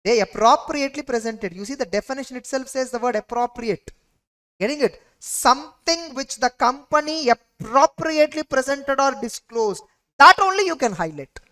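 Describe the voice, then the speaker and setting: A woman lecturer with an Indian English accent, her voice sitting a little high. She teaches an exam revision class emphatically, repeating points and checking understanding with quick questions. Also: expressive, a bit bright. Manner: emphatic, drills students with repeated rhetorical questions. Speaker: audit lecturer.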